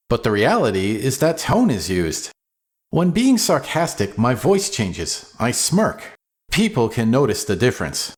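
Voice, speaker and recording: Lively, playful man explaining web design. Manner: dry, playful humor with sudden pitch jumps. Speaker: web design video host. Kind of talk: scripted explainer narration.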